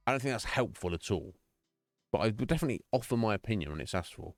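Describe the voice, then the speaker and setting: A male streamer rambling through viewer questions in a relaxed, reflective way. His voice sits low but moves with lively swings in pitch, and the sound is dry and close. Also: quick pace, no echo, faint music behind. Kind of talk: casual chat with viewers.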